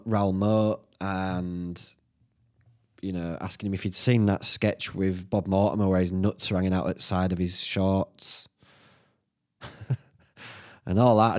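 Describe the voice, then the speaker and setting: A man with a Northern English accent, hosting a solo podcast, thinking out loud in a sweary, self-mocking way. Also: fairly low pitch. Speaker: podcast host. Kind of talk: rambling solo podcast chat.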